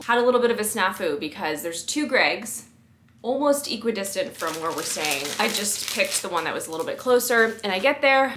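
Chatty thirtysomething woman doing a travel vlog, rambly and upbeat, middle pitch, kinda echoey room. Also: fairly bright tone, a little hiss or hum. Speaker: travel vlogger. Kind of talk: casual travel vlog narration.

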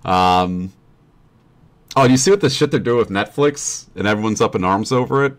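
Young man, streamer, casual gaming chat, rambling, profane, sarcastic, fairly low pitch. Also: expressive, normal speed. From New Jersey family.

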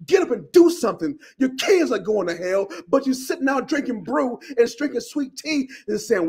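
A man preaches a fiery sermon in a strikingly high, husky voice. He is impassioned, shouts at times and breaks into tongues. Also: sing-song, moderate pace, hardly any pauses.

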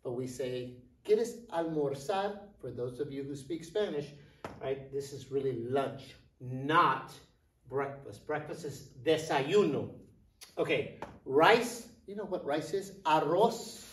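A middle-aged male Spanish teacher giving a vocabulary lesson, slowly repeating each word with care. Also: a little high. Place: classroom. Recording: echoey room, mic at a distance.

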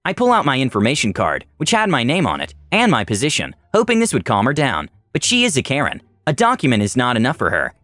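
A man reading online stories aloud with a lively, sing-song delivery. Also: medium pitch, fast, few pauses, no echo. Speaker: story reader.

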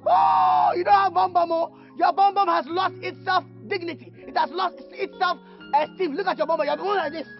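In Nollywood-style film acting, a man with a Nigerian accent plays a cheeky young man pursuing a woman, mocking, teasing, and boastful, with frequent laughter. His very high voice is steady and gravelly, rattling along rapid-fire with hardly any pauses. The lo-fi audio sounds dull, with faint music behind it.

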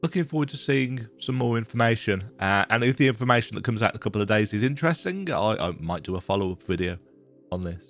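A man's voice: fairly low pitch, animated, fast, faint music behind. A man with a stuffy nose from a cold, rambling through casual reaction commentary on a game trailer and often thinking aloud. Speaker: gaming video creator.

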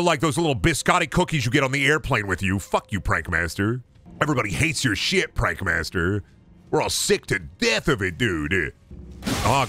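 Bright-voiced man riffing through gameplay. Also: mid-range voice. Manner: profane, rambling, riffing absurd jokes. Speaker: streamer. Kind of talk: casual gameplay commentary.

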